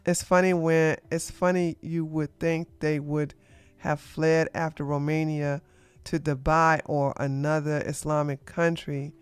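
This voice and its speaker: Streamer commentator, animated, talks back to chat, smooth close voice, faint music behind. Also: medium pitch, unhurried, no echo. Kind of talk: live stream drama commentary.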